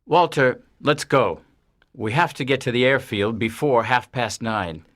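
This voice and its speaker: A woman voicing a composed male alien visitor posing as a teacher, speaking in a lowered, measured voice. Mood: calm.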